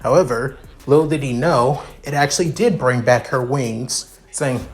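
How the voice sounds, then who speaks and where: A man reading his fan fiction aloud in a halting, repetitive way with many restarts. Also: mid-range voice, faint music behind.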